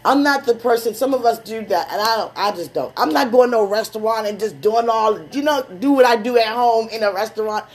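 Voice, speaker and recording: A woman preaching and praying in a conversational sermon. She mixes personal stories with laughing asides and slows down for prayer. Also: on the high side.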